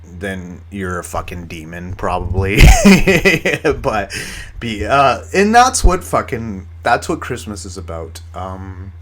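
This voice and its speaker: A man's voice: low voice, big pitch swings, takes it slowly, background noise. A man hosting a casual solo podcast, rambling with many fillers and restarts and swearing often. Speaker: podcast host.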